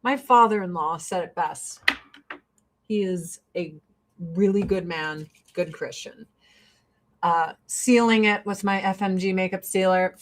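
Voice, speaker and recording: A woman's voice: lowish voice, measured pace. A woman doing her makeup while ranting in a blunt, profane, fired-up way. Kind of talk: casual get-ready-with-me rant.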